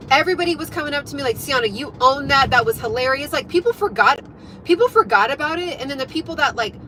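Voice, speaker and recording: Bright high-voiced chatty woman. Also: slight background noise, low-quality recording. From United States. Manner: chatty, animated, many fillers like "like". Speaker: fitness and life coach. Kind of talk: casual storytelling to viewers.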